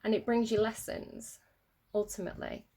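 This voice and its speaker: A woman's voice: on the high side, flat delivery, moderate pace, warm tone. An English woman giving a tarot reading, telling her story in a casual, rambling way with many fillers and little laughs. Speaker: tarot reader.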